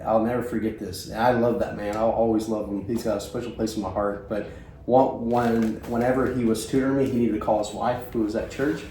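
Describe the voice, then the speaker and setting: A man telling a heartfelt, funny story in casual chat, with halting restarts and bursts of laughter. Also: mid-range voice, warm tone. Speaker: podcast co-host. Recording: echoey room, faint noise.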